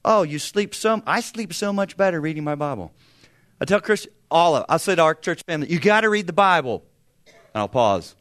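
A man's voice: a little high, animated, brisk, a bit bright. A man in his fifties preaching a sermon as pastor, talking in a conversational, humorous way with sudden bursts of emphasis. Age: 50s.

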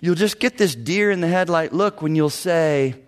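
A middle-aged man, a pastor and counselor, preaching a sermon with animated storytelling and quick impressions of the people he describes. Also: fairly high pitch.

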